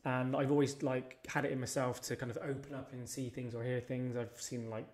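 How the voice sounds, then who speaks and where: A man's voice: medium pitch, flat delivery, brisk, darkish tone. A man, a podcast guest telling personal stories in a casual chat, blunt and swearing freely.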